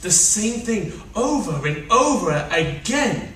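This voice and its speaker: A man's voice: high voice, very animated, slow pace, sharp tone, recorded from a distance, faint music behind, heavily acted. A man playing a frazzled, pleading office martyr. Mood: weary complaint. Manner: pleading, exasperated, melodramatic complaining. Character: harried middle-aged male official, overworked family man. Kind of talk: stage play rehearsal. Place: rehearsal room. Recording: echoey room recorded from afar, faint hiss.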